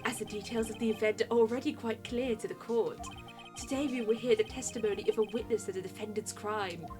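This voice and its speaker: A woman reading as a smooth polite prosecutor. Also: on the high side, fairly even intonation, a little fast, over music, close to an everyday voice. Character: cool polished male prosecutor.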